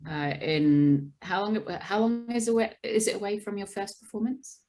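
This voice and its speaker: A woman interviewer asking short, brisk questions, sometimes hesitating. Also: medium pitch, fairly even intonation, a little mellow.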